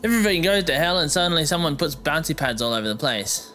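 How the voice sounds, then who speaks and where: Over game music, a fast-talking gamer with a mid-range, animated, pushed and bright voice narrates a let's play. The commentary is joking and full of free swearing, with plenty of back talk aimed at the enemies and the game.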